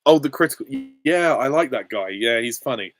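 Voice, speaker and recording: A man's voice: mid-range voice, animated, fairly quick, fairly bright tone. A man hosting a live stream Q and A, chatty, giggly and self-deprecating, on a close desk mic. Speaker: channel host answering viewer questions.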